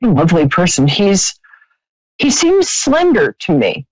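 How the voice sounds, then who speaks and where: A woman's voice: on the low side, huge pitch swings, unhurried, darkish tone, no room sound, low-quality recording. A woman hosting a live psychic radio call-in, chatty and laughing often, with many restarts.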